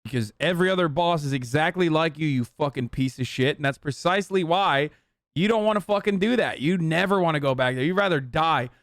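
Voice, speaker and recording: A man tears into a video in a profane, mocking rant, his voice sitting fairly high. The sound is dry and close to the mic. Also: fairly quick, a bit bright, no room sound. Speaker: political commentator streamer reacting to a clip. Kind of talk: heated live-stream commentary.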